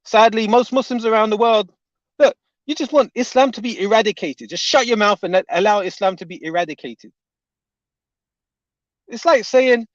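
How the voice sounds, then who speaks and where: A man's voice: sits high, moderate pace, no echo. A man delivering a heated, indignant reaction rant as an online commentator, often repeating his points. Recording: dull, dry lo-fi audio.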